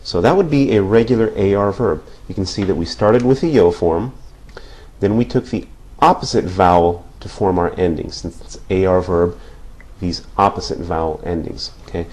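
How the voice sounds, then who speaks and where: A man's voice: sits low, moderate pace, darkish tone. A man teaching a Spanish grammar lesson at a whiteboard, explaining patiently and checking in with listeners after each point. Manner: patient, repeats points with frequent "okay?" checks.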